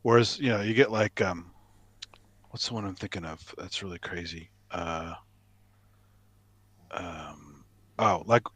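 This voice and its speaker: A man chatting on a video call, animated and often repeating words as he talks. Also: deep voice, unhurried, pauses often. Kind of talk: casual chat.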